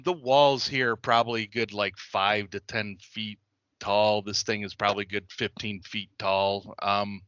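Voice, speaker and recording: A man narrating a tabletop game as its game master, with a bright, forceful voice. He rambles, pauses on fillers and laughs between thoughts. The sound is dry and a bit dull. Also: medium pitch, smooth, dry recording.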